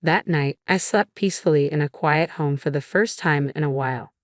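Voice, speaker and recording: Female narrator with a deep voice, steady scripted storytelling, dry close voice-over. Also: normal speed, no echo.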